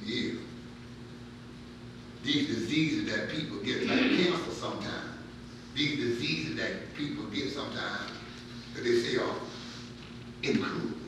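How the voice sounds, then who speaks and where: A pastor preaching a Bible-study sermon, emphatic and repetitive, stuttering over words as he builds toward near-shouts. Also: medium pitch, measured pace, long pauses, background noise. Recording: very echoey room, mic far off.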